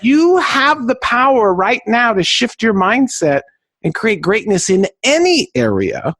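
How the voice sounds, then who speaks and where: A middle-aged man from southern California, a podcast guest telling stories in an exclamatory, high-energy way. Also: very animated, a little slow, a bit bright, no echo. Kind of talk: enthusiastic storytelling.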